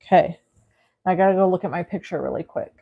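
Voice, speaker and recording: A woman's voice: fairly low pitch, fast talker, vocal fry, narrow, tinny audio. A woman hosting a live card-making stream, chatting casually and thinking aloud as she works and reads viewer comments. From California. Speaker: crafting livestream host. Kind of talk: casual live crafting demo.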